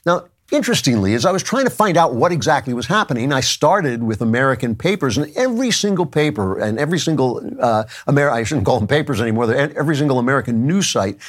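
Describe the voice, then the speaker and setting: A man with a mid-range voice hosts his own podcast, giving an emphatic political commentary monologue. He keeps it conversational, with asides and quick self-corrections along the way.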